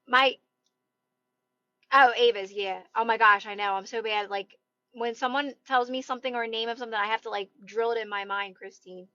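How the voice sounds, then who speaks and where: Chatty philly-area lady on a phone livestream, kinda high voice, dry dead room. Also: steady tone, a little fast, sharp tone, dry recording, dull audio. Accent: Delaware County (Philadelphia area). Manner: chatty, rambling, laughs often, greets viewers. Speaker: TikTok live host. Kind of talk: casual live-stream chat.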